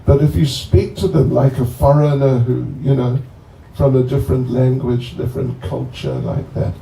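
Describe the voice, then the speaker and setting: A man's voice: medium pitch, steady tone, vocal fry, warm tone. A man giving a chatty, joking talk that introduces a guest to devotees at a bonfire gathering. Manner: joking, chatty, slow and rambling. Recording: echoey, distant, faint ambient noise.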